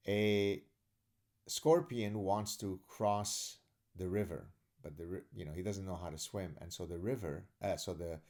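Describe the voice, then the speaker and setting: A man's voice: sits low, a little slow, a little mellow. A male podcast host delivering a sarcastic, indignant monologue rant in a live audio room.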